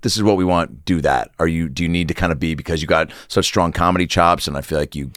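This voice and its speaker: A man's voice: sits low, quick pace, a bit bright, no echo, clean studio sound. A man hosting a podcast, loose and joking, asking rambling questions. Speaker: podcast host. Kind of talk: casual podcast chat.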